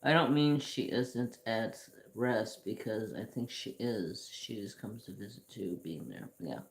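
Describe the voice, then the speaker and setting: A man's voice: on the low side, lively intonation, vocal fry. A man hosting a craft channel, telling rambling personal stories in casual chat while he paints at home. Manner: slow, rambling storytelling with restarts.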